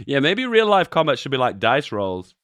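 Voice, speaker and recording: A young man, a YouTube host giving relaxed, chuckling commentary on memes and swearing offhandedly. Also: mid-range voice, a little slow, smooth, no room sound, clean studio sound. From England. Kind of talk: casual commentary.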